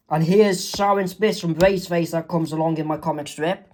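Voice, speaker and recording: A man's voice: a little high, steady tone, a little mellow. A man reading aloud and explaining his own comic strip, panel by panel. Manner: slow, halting, with restarts. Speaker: comic artist narrating his comic. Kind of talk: casual comic read-aloud.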